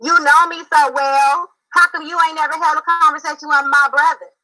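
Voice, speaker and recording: A woman's voice: high voice, level tone, brisk, pushed and bright, poor audio. A woman from Philadelphia on a live-stream call, confrontational, emphatic and repeating herself. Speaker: panel guest.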